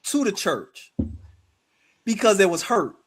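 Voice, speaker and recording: High-voiced man telling a spiritual story. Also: takes it slowly, breathy edge. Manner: animated, slips into quoted voices. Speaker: guest, spiritual practitioner. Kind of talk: personal storytelling in conversation.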